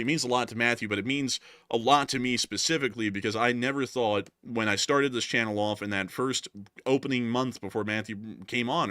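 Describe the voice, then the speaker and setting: Man, 20s, livestream co-host, bright sharp tone, dry mic, earnest, filler-heavy. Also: medium pitch, dry recording. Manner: earnest, repetitive thank-yous, lots of fillers. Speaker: news channel co-host. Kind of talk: livestream chat, reading super chats.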